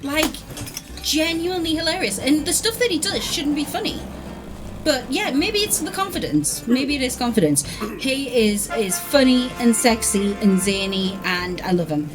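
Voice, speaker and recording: A woman's voice: high-pitched, expressive, normal speed, music in the background, low-quality recording. A woman streamer from England in casual, enthusiastic chat. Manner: chatty, enthusiastic.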